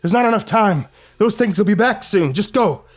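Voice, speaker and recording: A man voicing a desperate, gruff old man trapped in a cocoon, in a storybook telling. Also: high voice, animated, normal speed, voice pushed up. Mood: angry pleading. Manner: pleading, then shouting angrily. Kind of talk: storybook voice acting.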